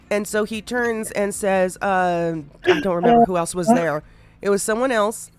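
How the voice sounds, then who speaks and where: A woman's voice: medium pitch, normal speed, darkish tone, dry recording. A woman hosting a podcast, chatting casually and recounting a roleplay story with frequent laughs and casual swearing. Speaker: podcast host.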